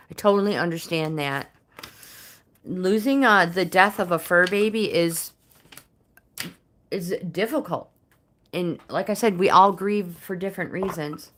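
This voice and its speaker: An older woman hosting a casual livestream tarot reading, talking in a halting way with pauses and fillers. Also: lowish voice, fairly bright tone. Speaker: tarot reader and livestream host.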